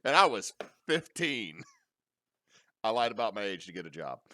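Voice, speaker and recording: A man playing a tabletop game, animated and swearing freely. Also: on the low side, normal speed, no echo, studio quality. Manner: animated, swearing, loud outbursts. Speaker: player. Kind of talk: casual tabletop play.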